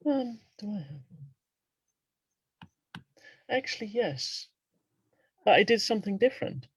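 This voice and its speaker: A woman's voice: medium pitch, very animated, measured pace, slightly rough, no echo. A woman podcast host and coach, chatting casually and encouraging her guest with short affirmations. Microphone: podcast mic, online call.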